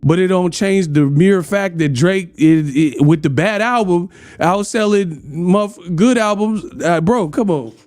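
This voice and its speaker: A man's voice: sits high, measured pace, darkish tone, no room sound. A man hosting a casual boxing live stream, talking trash in loose slang and laughing at his chat. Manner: loose slangy trash talk, laughing, breaking into sung bits. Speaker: boxing commentary host.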